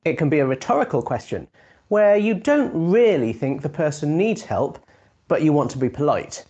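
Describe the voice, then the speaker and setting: A woman narrating a scripted lesson with an expressive, demonstrative delivery. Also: sits low, moderate pace, highs cut off.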